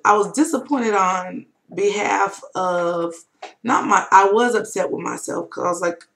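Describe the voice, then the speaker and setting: A woman's voice: on the low side, slight background noise. A young adult woman telling a personal story on her webcam vlog, candid and emotional, with lots of fillers. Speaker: vlogger. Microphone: webcam mic.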